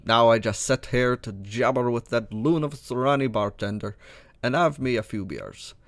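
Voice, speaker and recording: A man voicing a boastful old one-eyed male dwarf, reading video game dialogue aloud in an attempted Scottish brogue, gruff and chatty. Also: medium pitch, moderate pace, no echo, studio quality, natural voice.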